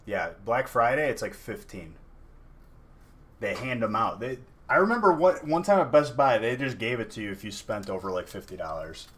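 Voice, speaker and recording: A man's voice: medium pitch, big pitch swings, normal speed, a bit bright. A man casually chatting on a live stream while opening card packs, teasing and thanking viewers.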